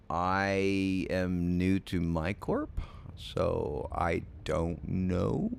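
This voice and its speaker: Late-night game streamer, male, deep gravelly voice, slow and drowsy, rambling casual chat. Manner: rambling, hesitant, many ums and restarts. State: sleepy, yawning late at night. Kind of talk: casual livestream chat with viewers.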